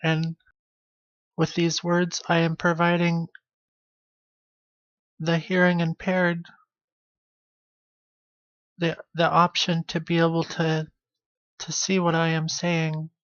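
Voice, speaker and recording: A man's voice: a little high, monotone, slow, pauses often, a bit bright. A man chats on his own live stream, taking his time and often trailing off before finishing a thought. His voice comes through a dull, lo-fi microphone. There is no room echo around it. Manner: rambling, offhand, half-finished sentences. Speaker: livestreamer. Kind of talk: casual live-stream chat.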